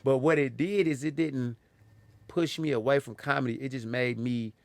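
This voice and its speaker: A man's voice: medium pitch, normal speed, gravelly, no room sound. A young man, a comedian, telling stories from his life in a casual chat, acting out the lines of people in them. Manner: animated, acts out quoted lines. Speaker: comedian guest.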